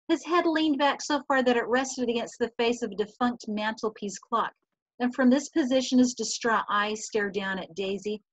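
Teacher reading aloud on a video call. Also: female voice, on the high side, dry recording. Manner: steady reading with small slips and restarts. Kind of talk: reading a novel passage aloud, then teaching. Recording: dull, lo-fi video call audio.

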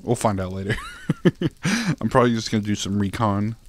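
Over slight background noise, a young man with a fairly low, expressive voice delivers let's play commentary at a normal pace. This gaming YouTuber laughs frequently, swears, and pleads with the game.

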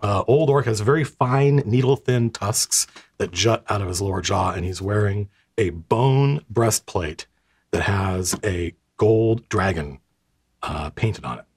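A man's voice: lowish voice, measured pace, breathy edge. A man narrating as game master of a tabletop game, losing his voice, describing scenes in a rambling, stop-start way.

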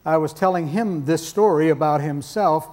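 A man's voice: fairly high pitch, moderate pace, a little mellow. A man preaching a sermon in a conversational, emphatic way with touches of dry humor.

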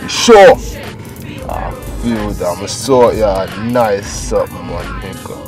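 An actor with a London accent playing a smug gang boss who talks slowly. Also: male voice, fairly low pitch, very animated. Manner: slow, smug. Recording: music playing behind.

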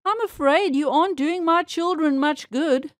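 A woman voicing a prim, proper lady mouse schoolteacher who squeaks her words in a storybook read-aloud. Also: normal speed, no echo, studio quality, lightly acted.

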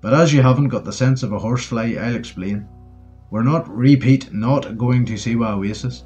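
A man's voice: lowish voice, steady tone, fast talker, darkish tone, faint music behind, natural voice. A man reading the part of a blunt, commanding British army sergeant in a wartime audiobook, barking orders. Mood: bellowing. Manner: gruff, barks orders, sometimes bellows.

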